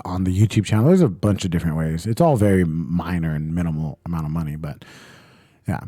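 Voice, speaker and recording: Laid-back young man, low mellow voice. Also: dry recording. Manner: laid-back, loose, swears often, reads chat aloud. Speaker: livestream host. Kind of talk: casual livestream chat. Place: home streaming setup.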